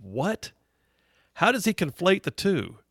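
A man's voice: high voice, big pitch swings, slow pace, fairly bright tone, dry recording, clean studio sound. A man hosting a political talk show, giving indignant, emphatic commentary and reading out news items. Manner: reads out news headlines. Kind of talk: opinionated commentary.

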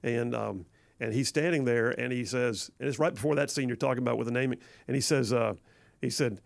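A man's voice: medium pitch, fast, gravelly, no room sound. A man hosting a conservative talk radio show, chatting casually and acting out movie quotes with gusto. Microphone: studio microphone.

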